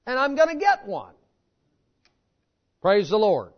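A man preaching a sermon in a folksy, animated storytelling manner. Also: high-pitched, slow. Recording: dull lo-fi sermon recording.

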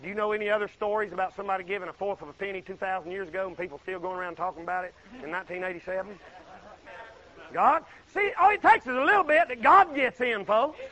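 High-voiced preacher, folksy sermon. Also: male voice, quick pace, low-quality recording. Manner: swings from loud exclaiming to low murmured asides.

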